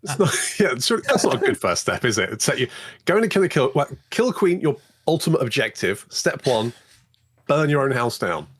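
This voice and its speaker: Animated, teasing man. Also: mid-range voice, a little fast, breathy edge. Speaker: podcast co-host. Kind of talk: casual gaming podcast chat.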